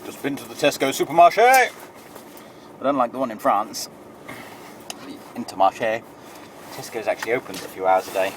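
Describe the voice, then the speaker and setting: A man's voice: mid-range voice, expressive, brisk, pauses often. A man with an English accent, a truck driver vlogging from his cab, dry and sarcastic, grumbling to himself as he drives. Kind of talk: casual driving vlog. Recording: loud engine and road noise. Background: truck engine and traffic.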